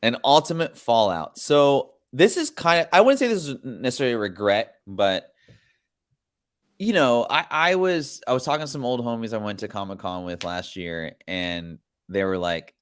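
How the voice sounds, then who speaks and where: A man's voice: mid-range voice, lively intonation, normal speed, fairly bright tone, smooth. A man hosting a podcast, chatting casually in a rambling, slangy way. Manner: rambling, laid-back, slangy. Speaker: podcast host. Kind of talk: casual chat.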